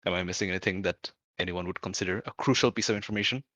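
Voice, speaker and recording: A man's voice: low-pitched, very fast, bright, forceful tone, dry recording. A man from Bangladesh introducing himself as a player in casual chat, with dry self-deprecating wit. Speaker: player, podcast editor.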